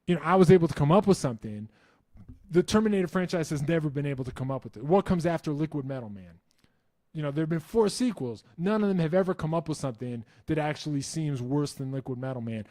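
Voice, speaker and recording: A man's voice: on the high side, lively intonation, fast, darkish tone, no echo. Rambling, wry man on a dry mic. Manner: rambling, self-interrupting, laughs often; wry and enthusiastic. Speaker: channel host answering viewer questions. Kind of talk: casual live stream chat.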